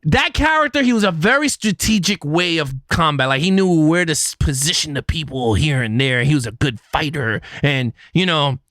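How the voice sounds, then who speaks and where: A young man co-hosting a movie review podcast, talking casually and joking, with animated restarts. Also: on the high side, normal speed, few pauses, no room sound, clean studio sound. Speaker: podcast co-host.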